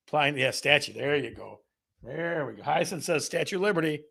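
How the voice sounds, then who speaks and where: A man's voice: a little high, fairly quick, creaky, a bit bright. A man hosting a casual live show, upbeat and playful, reading out viewer comments from the chat. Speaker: host of a real estate live show.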